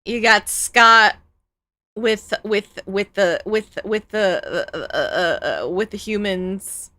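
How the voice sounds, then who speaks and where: A woman's voice: medium pitch, slow pace. A woman streamer giving joking, rambling reaction commentary on a video, close to a streaming mic. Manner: joking, animated, rambling asides. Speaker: VTuber streamer.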